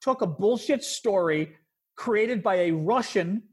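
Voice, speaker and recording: A man's voice: slow, husky. A man hosting a podcast, chatting casually about politics and getting worked up when indignant. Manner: animated, rising pitch when indignant. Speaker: podcast host.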